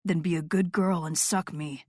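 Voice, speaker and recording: A confident male rock star, put on by a woman narrator, speaks low and murmuring, teasing and commanding. The voice sits deeper than usual, recorded close and dry with no room sound. An audiobook romance character voice. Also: steady tone, normal speed, darkish tone, dry recording, close to an everyday voice.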